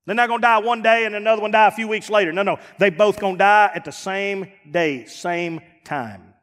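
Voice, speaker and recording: Emphatic pastor in a reverberant hall. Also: male voice, high-pitched, brisk. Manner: emphatic preaching with dramatic swings from loud to hushed. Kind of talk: sermon.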